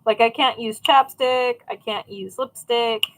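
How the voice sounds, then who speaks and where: A young woman chats loosely with her live viewers while she works on a craft, reading their comments aloud and answering as she goes. Her voice sits a little high, and she rambles through stories with plenty of "like" and "um" along the way. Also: steady tone, measured pace, poor audio. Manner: chatty, rambling, reads and answers chat. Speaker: crafting livestream host. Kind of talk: casual chat with live viewers.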